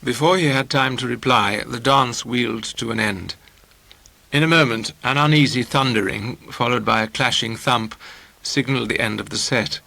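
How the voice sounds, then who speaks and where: A man narrating a novel in a measured, wry storytelling manner. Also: medium pitch, gravelly, sharp tone, no room sound, rough recording. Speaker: audiobook narrator.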